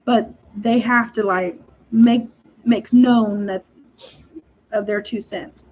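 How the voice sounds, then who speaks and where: A young woman, hosting a casual chat and telling stories in an animated, exasperated way with frequent laughs. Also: a little high, takes it slowly, breathy edge. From Texas. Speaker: podcast host. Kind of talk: casual storytelling. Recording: dull lo-fi recording.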